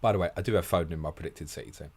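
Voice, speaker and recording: A man hosting a fast live Q&A, blunt and casual, calling listeners mate, with a sore throat and short of sleep. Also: low voice. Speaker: host answering viewer questions.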